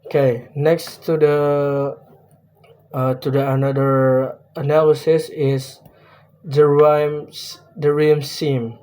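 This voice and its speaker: A man's voice: on the high side, level tone, slow, darkish tone, clean tone. A young man with an Indonesian accent giving a class presentation on a poem, hesitant and full of fillers and restarts. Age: young adult. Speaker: student presenting a poem analysis.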